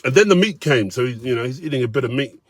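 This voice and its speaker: A man's voice: medium pitch, animated, fast talker, breathy edge, no echo. A man telling a casual, profane story in a blunt, conversational way.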